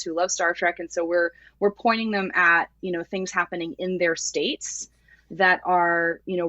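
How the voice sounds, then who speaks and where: Earnest low-pitched woman, lo-fi sound. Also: a bit bright, no room sound. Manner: earnest, rambling with many fillers. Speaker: podcast guest, voting-rights activist. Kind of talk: casual podcast chat. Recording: dull lo-fi dry sound.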